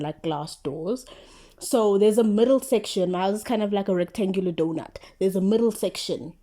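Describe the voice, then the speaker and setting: A young woman with a South African accent tells a story as if chatting with friends. Her voice is mellow and low in brightness, and her slangy delivery is animated and packed with casual fillers. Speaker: vlogger.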